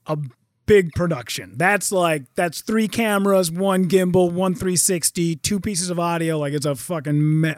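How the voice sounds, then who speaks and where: A man with a high voice who spins his stories with energy and acts out every quote. He swears freely and the sound is dry and close. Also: no echo. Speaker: guest. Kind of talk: casual podcast chat.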